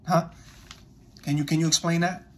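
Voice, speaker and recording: A man's voice: fairly high pitch, flat delivery, moderate pace, a little mellow, slight background noise. Emphatic man preaching to his viewers. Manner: emphatic, repetitive, addresses audience directly. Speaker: commentator. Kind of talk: impassioned online commentary.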